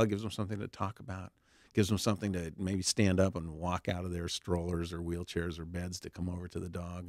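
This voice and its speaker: A man's voice: on the low side, no room sound, studio quality. A man, an author and founder of a therapy dog charity, telling stories as an interview guest, with lots of fillers and restarts. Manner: warm anecdotal telling with many fillers and restarts.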